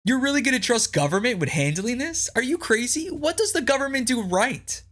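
Podcast host, male, incredulous ranter, swoops up and down in pitch, repeats himself for emphasis. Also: very animated, brisk, fairly bright tone. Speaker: political commentary podcast host. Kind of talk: opinionated commentary, reading news aloud and reacting.

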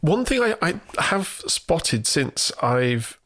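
A man's voice: a little high, slow pace. A man co-hosting a podcast, chatting casually about films with easy restarts and laughter. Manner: relaxed, trails off and restarts, laughs along. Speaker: podcast co-host. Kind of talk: casual film review chat.

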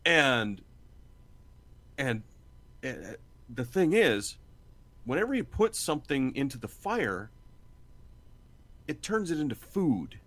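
A man's voice: mid-range voice, very animated, slow pace, long pauses, fairly bright tone, no echo. A man telling a story in casual chat, laughing often, swearing freely and acting out the lines.

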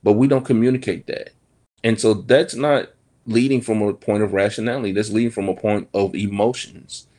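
A man's voice: on the low side, steady tone, normal speed, mellow. A man talking frankly and animatedly in a casual podcast conversation, swearing now and then.

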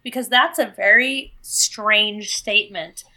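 A woman's voice: medium pitch, slow, sharp tone. A woman co-hosting a casual podcast, chatty and inquisitive about whiskey. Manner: chatty, inquisitive, laughs easily. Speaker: podcast co-host, whiskey enthusiast.

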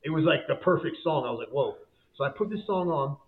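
A man's voice: a little high, expressive, brisk. A man giving a fervent faith testimony as a guest, in casual slang with frequent repeats and restarts. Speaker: guest, business owner. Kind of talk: emotional faith testimony storytelling. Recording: tinny phone-like line.

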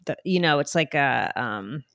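A woman's voice: very deep voice, lively intonation, unhurried, creaky, a bit bright, no echo, studio quality. A woman with a New Jersey accent, a podcast guest speaking openly and earnestly in a conversational interview.

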